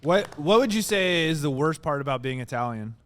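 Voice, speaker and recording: A man's voice: a little high, lively intonation, brisk, a bit bright. A man co-hosting a comedy podcast, dropping dry joking asides and questions. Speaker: podcast co-host.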